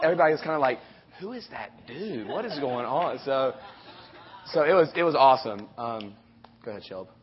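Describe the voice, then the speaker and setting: A man, a youth leader, telling a camp story in a casual, animated way and acting out the quotes. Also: medium pitch. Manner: animated, quick retelling with acted-out quotes. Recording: dull lo-fi audio.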